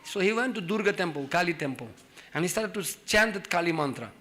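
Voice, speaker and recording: A man's voice: sits high, fast talker. A middle-aged man telling a story in a sermon, acting out its characters and laughing often. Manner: animated, acts out voices in the story, laughs often. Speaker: speaker giving a scripture class.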